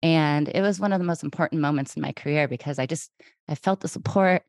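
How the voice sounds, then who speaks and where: A woman in her forties hosting a podcast, telling a lively story in casual chat and acting out her own past thoughts. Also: low voice, fast, dry recording, clean studio sound. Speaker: podcast host.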